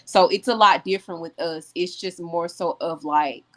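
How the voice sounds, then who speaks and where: A young woman with a country Mississippi accent talks in a lowish voice. She explains things in an easygoing, conversational way. She sounds relaxed and plainspoken. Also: normal speed. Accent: Southern US (Mississippi), country. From Jackson, Mississippi. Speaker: R&B group member, guest. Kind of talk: casual interview chat.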